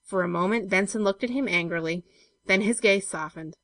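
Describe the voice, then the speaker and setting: Low-voiced woman reading a story. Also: normal speed, a bit bright, no room sound. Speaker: narrator.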